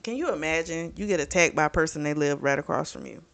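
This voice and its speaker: Chatty, bright-voiced woman reviewing a book. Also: low voice, quick pace. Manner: chatty, profane, animated retelling with lots of fillers. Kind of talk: casual book recap.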